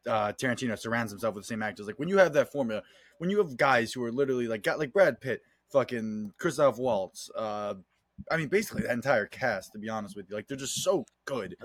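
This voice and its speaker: A man in relaxed film-podcast chat who speaks at a fast clip, voice sitting at an ordinary middle pitch. His delivery is excitable and loose with cursing, and the recording is close and dry with no room sound. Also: no room sound. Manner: rapid, profane, excitable, acts out quotes. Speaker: podcast co-host.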